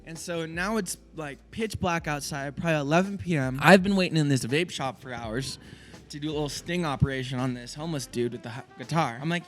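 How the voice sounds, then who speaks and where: An animated man tells a story in a high voice, talking quickly and casually. He owns a small business. Faint music plays underneath.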